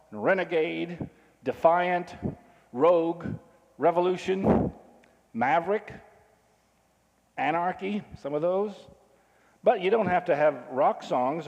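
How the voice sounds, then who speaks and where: A man's voice: fairly high pitch, a little mellow, highs cut off. A man preaching a sermon in a conversational way, often putting questions to his listeners. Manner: conversational, asks the audience questions. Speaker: pastor. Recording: long hall reverb.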